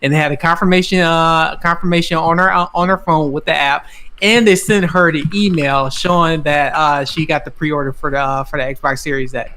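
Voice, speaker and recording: A man hosting a gaming podcast, telling stories in an excitable, casual way, swearing and laughing often. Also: fairly high pitch, fairly quick, clean tone. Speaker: podcast host. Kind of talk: casual chat.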